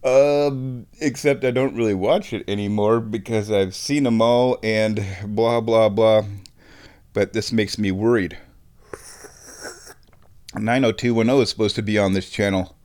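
A man in a casual comic vlog rant, sarcastic and animated, jumping to high exclamations. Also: measured pace, clean tone. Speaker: vlogger.

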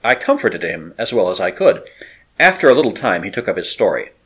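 A man reading an adventure novel aloud as an audiobook narrator, telling it with expressive, dramatic storytelling. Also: on the low side, brisk, husky.

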